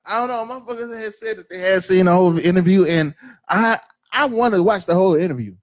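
A man's voice: sits high, quick pace. A man co-hosting a podcast, brash and profane, joking loosely in casual chat. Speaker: podcast co-host.

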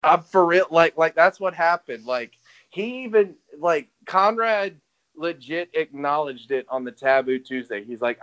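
Rambling man, fairly high voice. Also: animated, a little slow, a bit bright. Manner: rambling, swears, laughs, quotes others in voices. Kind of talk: casual wrestling chat. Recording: dull lo-fi audio.

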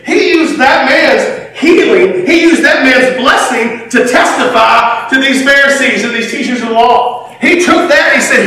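A man preaching a sermon, swinging between loud, shouted lines and near-whispered asides. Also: extremely high pitch, measured pace, few pauses, slight background noise. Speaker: pastor. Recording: echoey hall from far off, faint ambience.

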